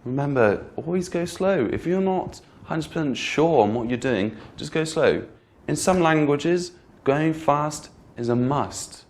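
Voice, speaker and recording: A man teaching English pronunciation in a clear, patient lesson, repeating example words and checking in with the learner. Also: fairly high pitch, animated, a little slow, few pauses, a little mellow. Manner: patient, repeats each example word twice; addresses the learner directly with frequent "okay?". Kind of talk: slow, clear instructional lesson.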